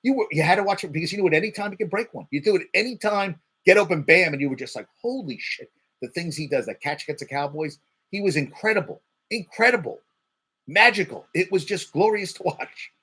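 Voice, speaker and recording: A man's voice: high voice, fast, pushed and bright, husky. A man hosting a casual sports talk show, rattling off stats, getting heated and swearing, repeating words for emphasis. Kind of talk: casual sports commentary monologue.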